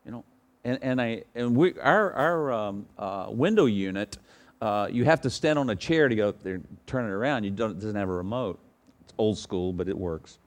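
A middle-aged pastor preaching a sermon, asking the congregation rhetorical questions and swinging from loud emphatic outbursts to quiet storytelling. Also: male voice, expressive, moderate pace. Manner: preaching with sudden loud high bursts, then quiet anecdotes.

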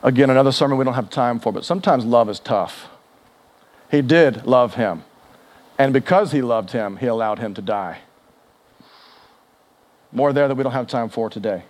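A man preaching a sermon, animated and conversational, acting out quoted speech with big swings in pitch and volume. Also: moderate pace, long pauses. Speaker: pastor.

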